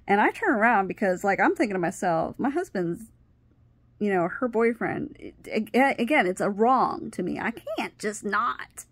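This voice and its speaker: A woman with a mid-range voice tells a story from her own life in a casual, animated way. She acts out what each person said, stumbles, and starts her sentences over. The recording is dry and close, with no room sound. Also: mid-range voice, moderate pace, no room sound. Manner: restarts and trails off often. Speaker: vlogger.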